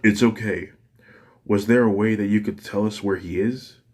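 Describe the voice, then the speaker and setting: A man voicing a caring young woman, a gentle older sister, in a fan story. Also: fairly low pitch, moderate pace, close to an everyday voice. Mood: reassuring. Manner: gentle and reassuring.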